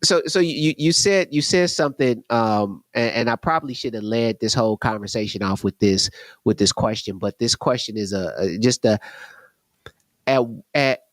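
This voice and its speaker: A man's voice: mid-range voice, normal speed, dry recording. Guy hosting a chat, stumbly questions, dry close sound. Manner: affirming, hesitant questions with many restarts. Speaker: podcast host. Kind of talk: casual interview conversation.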